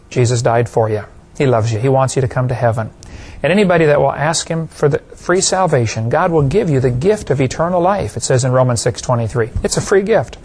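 A man preaching an evangelistic sermon to a live audience, folksy and joking with the crowd. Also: medium pitch. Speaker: creationist preacher.

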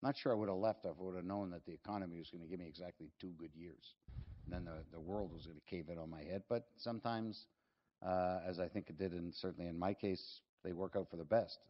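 A man's voice: sits low, fast, highs cut off. An older man, speaking as a guest at an event, telling rambling, self-deprecating business stories. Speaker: guest speaker, real estate executive. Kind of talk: anecdotal talk to an audience.

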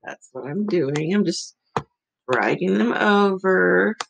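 Female teacher, low gravelly voice, slow and patient, phonics lesson over a computer mic. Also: lively intonation, slight background noise, poor audio. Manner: slow, patient, sounds out letters repeatedly. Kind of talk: remote phonics lesson for young children.

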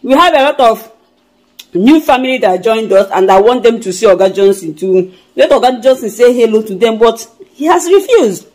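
A woman's voice: on the high side, lively intonation, normal speed, darkish tone, poor audio. A woman with a Nigerian accent talks straight to her viewers in a casual vlog. She frets aloud and circles back to the same worries, repeating her lines as she goes. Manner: chatty and fretful, repeats herself. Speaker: vlogger.

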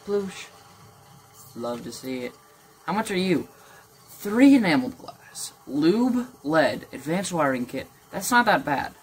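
Slow-talking gamer mutters playfully. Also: medium pitch, husky. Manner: playful muttering to themselves and the game; sudden excited outbursts. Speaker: gamer playing a survival game. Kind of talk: casual gameplay commentary.

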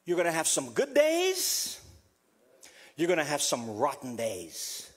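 With a Southern US accent, an older male pastor delivers a funeral sermon full of dramatic swings, voicing the people he quotes. He speaks at a moderate pace in an expressive, husky, mid-range voice.

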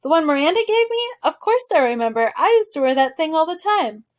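An excited ten-year-old boy bubbles with eager questions, as a woman reading aloud puts him on. His voice sits high and lifts higher when he gets worked up. He teases and pleads in turn, like a child in a storybook. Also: brisk.

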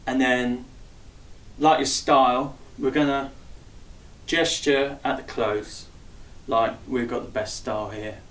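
A chatty, jokey man teaches a simple dance routine, calling out each move and counting the beats. His voice sits at a middling pitch and moves at an easy, unhurried pace. He sounds a step back from the mic in a roomy, echoing space. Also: fairly even intonation, fairly bright tone. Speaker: dance instructor. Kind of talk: dance tutorial, calling out steps. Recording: roomy echo, voice far from mic.

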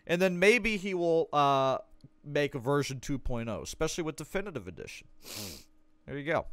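Male gaming streamer, casual and wry, animated delivery, smooth voice a little above average pitch. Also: moderate pace, no echo. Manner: sarcastic, joking asides. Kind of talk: casual commentary reading a game guide.

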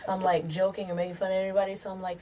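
An American woman gospel artist, a guest on a radio show, talking excitedly and laughing easily. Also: medium pitch, very fast, far from the mic, noisy background. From United States. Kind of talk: casual radio interview.

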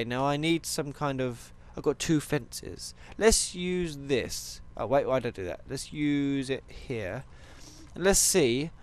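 A man playing a video game and chatting to viewers, joking and going off on tangents as he plays. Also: fairly high pitch. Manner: rambling, jokey, goes off on tangents; talks to viewers and animals in game. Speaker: gaming channel host. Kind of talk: Minecraft let's play commentary.

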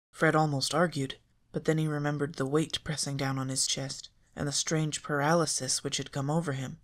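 An audiobook reader narrating a fan fiction story in a calm, measured way. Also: medium pitch.

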